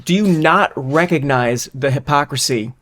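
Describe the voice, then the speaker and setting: A man's voice: a little high, moderate pace, fairly bright tone. A man co-hosting a podcast, reasoning through a hypothetical in casual, rambling chat with a wry edge. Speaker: podcast co-host.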